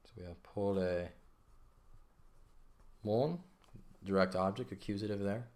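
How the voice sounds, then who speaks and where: A man's voice: sits low, fairly even intonation, normal speed. A man teaching an ancient Greek lesson in a patient, casual way, often checking in with "okay?". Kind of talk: casual lesson explaining grammar.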